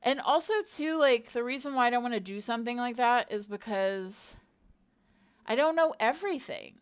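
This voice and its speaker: A woman's voice: on the high side, expressive, moderate pace, clean tone. A middle-aged woman at home chatting casually to her viewers as she works, rambling and talking to herself with many fillers. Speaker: content creator. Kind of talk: casual chat while working on a computer. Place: at home, with her cat nearby.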